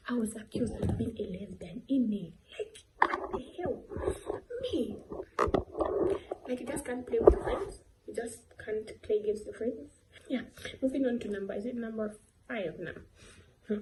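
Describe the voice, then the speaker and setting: A woman's voice: mid-range voice, unhurried, pauses often, mellow, slight background noise, rough recording. A teenage girl vlogging, telling a rambling story full of fillers and giggly asides. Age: late teens. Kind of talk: casual storytelling vlog.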